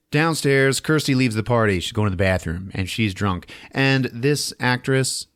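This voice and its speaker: A man hosting a podcast, giving a comedic movie recap in a lively, profane style and laughing often. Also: medium pitch, normal speed, hardly any pauses, clear, resonant tone. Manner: animated, swearing, laughing often. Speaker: podcast host.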